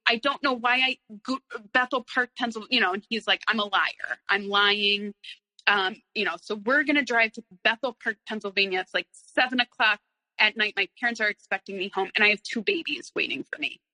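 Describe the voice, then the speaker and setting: Woman, 30s, interview guest; bright, rambling storyteller with nervous laughs, reverberant room. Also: medium pitch, fairly quick. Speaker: guest telling her story. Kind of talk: candid personal storytelling.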